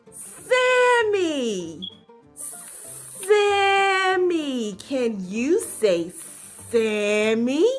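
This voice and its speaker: A woman teacher leading a phonics lesson for young children, speaking slowly in an encouraging sing-song and asking many questions. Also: on the high side, a bit bright.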